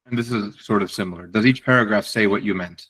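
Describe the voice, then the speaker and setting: A man's voice: lowish voice, quick pace, fairly bright tone, husky, poor audio. A man presenting a webinar, a psychiatry fellow giving direct, encouraging writing advice over a video call, often repeating words as he restarts.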